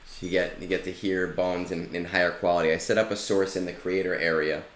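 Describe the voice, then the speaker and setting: A man's voice: low-pitched, little pitch movement, brisk, reverberant. A man streaming a game and chatting casually with viewers, loose in manner and swearing freely. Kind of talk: casual live-stream chat.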